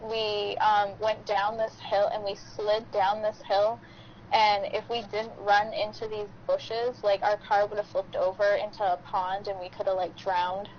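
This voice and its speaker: A woman's voice: mid-range voice, level tone, measured pace, slight background noise. A woman co-hosting a podcast, telling a story in a chatty way, heavy on "like". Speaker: podcast co-host. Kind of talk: casual storytelling chat. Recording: dull lo-fi podcast audio.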